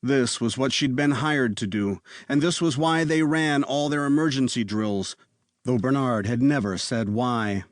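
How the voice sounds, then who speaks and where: A man reading a thriller audiobook in a measured, tense narration. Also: mid-range voice, no echo, studio quality. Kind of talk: scripted narration.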